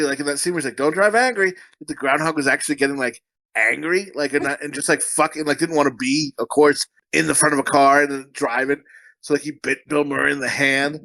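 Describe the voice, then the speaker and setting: A man's voice: a little high, sharp tone, no room sound, poor audio. A man co-hosting a podcast, telling rambling, profane stories in casual chat and laughing often. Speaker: podcast co-host.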